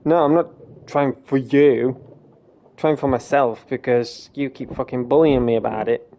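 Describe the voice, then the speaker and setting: A man's voice: medium pitch, steady tone, moderate pace, creaky, highs cut off. A young man streaming a game, rambling casually with self-deprecating laughs. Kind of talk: casual live gameplay chat.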